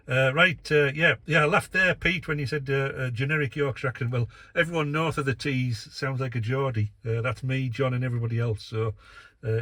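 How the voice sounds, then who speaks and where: A man's voice: mid-range voice, fairly bright tone, no echo. A man running an amateur radio net from his vehicle, chatting casually and reading out call signs with many filler uhs. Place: in a vehicle, operating mobile.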